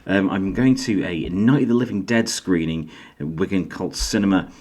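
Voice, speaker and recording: A man's voice: moderate pace, a little hiss or hum. A middle-aged man with a faded Yorkshire accent, hosting his own casual vlog in a chatty, self-deprecating way. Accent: faded Yorkshire English. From Yorkshire, England. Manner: chatty, self-deprecating, lively pitch jumps. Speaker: YouTube host and author.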